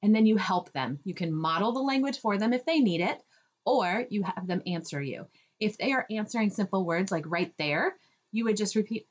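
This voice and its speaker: A woman, a speech therapist, talking parents through home activities with plenty of "um" and "right?", now and then slipping into a bright, slow, child-directed voice to show how it's done. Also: animated, muffled recording. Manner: demonstrates child-directed talk with raised pitch and drawn-out words; uses fillers and frequent "right?". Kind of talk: instructional talk to parents.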